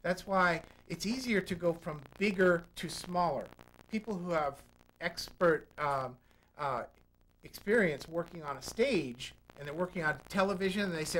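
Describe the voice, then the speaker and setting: A man's voice: sits high, moderate pace, a bit bright, slight background noise, poor audio. A man speaking as a public speaking coach on a studio talk show, explaining technique and acting out examples. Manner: demonstrative, acts out vocal examples. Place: local TV studio.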